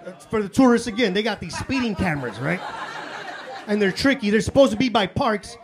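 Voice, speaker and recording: A man in his thirties works a comedy club stage through a handheld mic, his voice sitting very high and leaping all over the place. He tells profane, excitable stories, and a loud crowd laughs around him over steady room noise. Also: a little fast. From Chicago. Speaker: stand-up comedian. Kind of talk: live stand-up comedy. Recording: live club with audience laughter.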